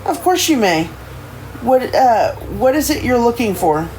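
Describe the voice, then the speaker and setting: A streamer reading a novel aloud, voicing a warm, playful older woman neighbor in a raised, bright voice. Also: mid-range voice, a little slow, background noise, voice pushed up. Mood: cheerful. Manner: bright, lively, teasing.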